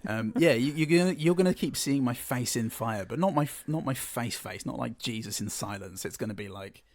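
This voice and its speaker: A man's voice: mid-range voice, animated, a little fast. A man with a nasal voice, co-hosting a podcast in rambling, casual chat full of ums. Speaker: podcast co-host.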